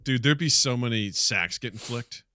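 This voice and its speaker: Animated, bright-voiced male podcast host. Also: mid-range voice, moderate pace, no room sound. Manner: animated storyteller, acts out quotes. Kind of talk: casual chat.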